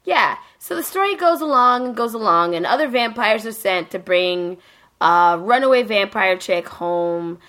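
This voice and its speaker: A woman's voice: medium pitch, animated, moderate pace, fairly bright tone. A woman hosting a casual podcast, recapping an anime in a rambling, profane way full of fillers. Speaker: podcast host.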